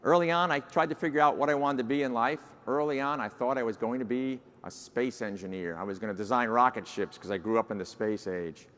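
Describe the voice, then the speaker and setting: A man's voice: medium pitch, brisk, hardly any pauses, fairly bright tone. A man in his sixties with a New York accent gives a folksy, self-deprecating keynote address as incoming society president, with plenty of uh fillers. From New Jersey, United States. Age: 60s. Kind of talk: conference keynote speech. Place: large conference hall. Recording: large hall with long reverb.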